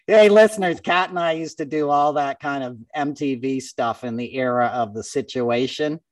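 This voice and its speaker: A man's voice: medium pitch, steady tone, normal speed, no room sound, far from the mic. A man hosting a podcast, chatting casually about the news and telling stories with frequent laughs. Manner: chatty storyteller, laughs often. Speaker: podcast host. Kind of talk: casual political chat.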